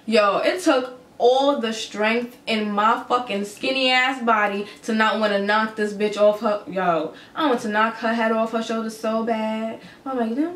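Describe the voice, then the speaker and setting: A young adult woman vlogger recounting a story in a casual, animated, swearing, incredulous way. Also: fairly high pitch, measured pace, hardly any pauses. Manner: animated, profane, incredulous retelling. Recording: roomy echo with faint ambience.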